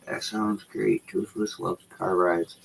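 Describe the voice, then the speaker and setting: A man's voice: low voice, level tone, slow pace, creaky, husky, poor audio. A man rambling in casual, profane chat to his livestream viewers from a room at home. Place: home room with shelves behind him. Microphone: computer setup with dual screens.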